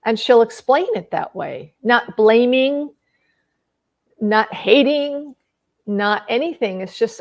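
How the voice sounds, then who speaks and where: A woman's voice: a little high, slow. A middle-aged woman relationship coach speaking casually to an audience. She often restarts and repeats words, and she acts out quoted conversations in other voices. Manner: acts out quoted dialogue with lively shifts in voice.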